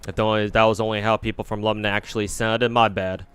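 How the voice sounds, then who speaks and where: Talk like a man streaming a game, rambling and swearing casually. Keep the voice a little low, with faint game music under it. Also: flat delivery, fast talker, a bit bright, smooth. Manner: rambling, profane.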